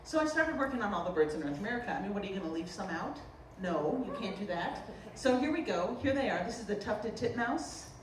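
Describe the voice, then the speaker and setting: A woman from the Boston area, a potter giving a humorous artist talk, telling stories in an animated, joking way. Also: medium pitch, fairly quick, hardly any pauses. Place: lecture room at a festival. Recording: roomy, distant mic, faint noise.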